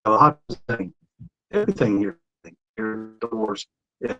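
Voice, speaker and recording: A man's voice: fairly low pitch, sing-song, unhurried, sharp tone, dull audio, faint music behind. A man chatting as a guest in a casual interview, rambling and hesitant.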